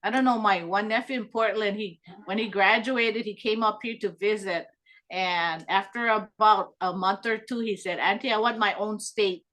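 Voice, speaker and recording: Bright, lively woman from Hawaii. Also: mid-range voice, moderate pace. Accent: Hawaiian Pidgin-tinged. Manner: laughs often, animated when quoting family. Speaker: interviewee. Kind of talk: casual storytelling.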